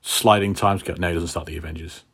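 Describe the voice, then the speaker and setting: A man's voice: deep voice, steady tone, quick pace, vocal fry, fairly bright tone. A man co-hosting a podcast in a casual, wry, teasing way. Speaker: podcast co-host. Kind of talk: casual chat.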